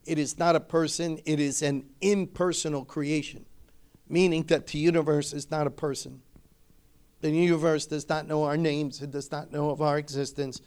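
A middle-aged male pastor delivering a sermon in a slightly higher-than-usual voice. He preaches with emphasis and drives his points home by repeating phrases. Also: little pitch movement, normal speed, a little mellow, smooth.

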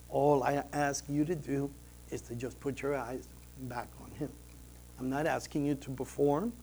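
A man preaching to his congregation in an earnest, storytelling way, his voice sitting a little higher than most men's. He swings between loud, emphatic passages and hushed, quiet ones, while soft instrumental music plays faintly behind him. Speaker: pastor. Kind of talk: sermon.

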